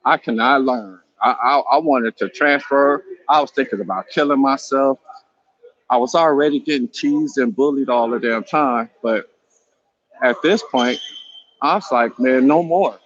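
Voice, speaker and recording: A man from East Oakland, California, hosting a casual chat and telling stories in a profane, laughing, animated way into a handheld phone at home. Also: mid-range voice, normal speed, dull audio. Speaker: host.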